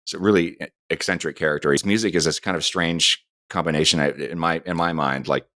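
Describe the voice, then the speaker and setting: A man's voice: extremely low pitch, steady tone, fast talker, sharp tone, no echo, clean studio sound. A middle-aged man co-hosting a podcast, meandering through an anecdotal story in casual chat. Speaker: podcast co-host.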